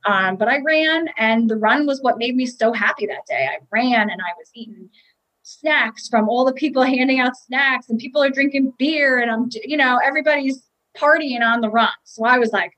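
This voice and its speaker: A woman's voice: high voice, normal speed, a bit bright, poor audio. A woman telling a candid, emotional personal story about a triathlon, with restarts and quoted inner thoughts.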